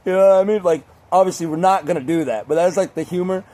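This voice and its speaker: A young man talking casually to camera in a crude, rambling way, laughing often and mimicking others in high voices. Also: fast, warm tone. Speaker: vlogger.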